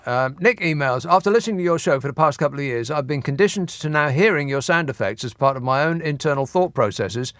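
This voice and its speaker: A man's voice: fairly high pitch, animated, fast, few pauses, fairly bright tone, no room sound. A man hosting a radio phone-in, talking in a dry, sardonic way. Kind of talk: late-night radio talk.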